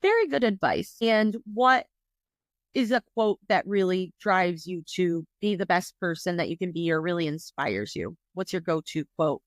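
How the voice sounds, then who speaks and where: A woman's voice: lowish voice, animated, moderate pace, no echo. A woman from New York State hosting a podcast interview, chatty and upbeat with lots of casual fillers. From New York State, USA. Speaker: podcast host.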